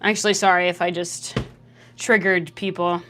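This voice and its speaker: A woman's voice: on the low side, level tone, normal speed, fairly bright tone, faint music behind. A young Canadian woman with a Canadian accent, chatting casually on a livestream, reading out chat and answering with teasing sarcasm. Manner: sarcastic, teasing, swears freely.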